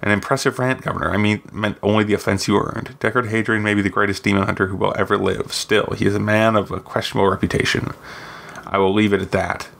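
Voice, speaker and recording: A man's voice: on the low side, level tone, quick pace, vocal fry, a bit bright. A man reading as Lady Nasabron, a haughty noble witch. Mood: scornful. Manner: proud, cutting. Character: haughty older noblewoman wizard.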